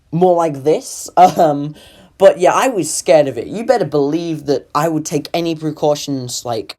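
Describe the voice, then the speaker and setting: A man's voice: a little high, a little mellow. Rambling young man. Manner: rambling, self-deprecating, casual. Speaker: animator and narrator. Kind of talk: comedic voice-over narration.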